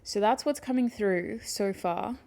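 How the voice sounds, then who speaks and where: Female tarot reader, gentle and emotional, teary and sniffling; mid-range voice. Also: medium pitch, unhurried, gravelly. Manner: gentle, affectionate, emotional, softly spoken to viewers. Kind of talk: pick-a-card tarot reading.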